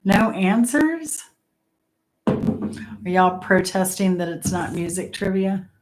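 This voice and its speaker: A woman's voice: medium pitch, animated, slow, rough recording. A middle-aged woman hosting a casual live-stream trivia game. She is chatty, laughs often, reads questions aloud and greets viewers by name.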